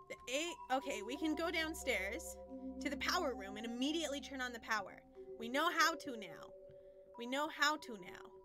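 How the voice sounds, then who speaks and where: A young woman streaming a game live, talking to her chat in excited, panicky bursts. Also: sits high. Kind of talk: live gameplay commentary.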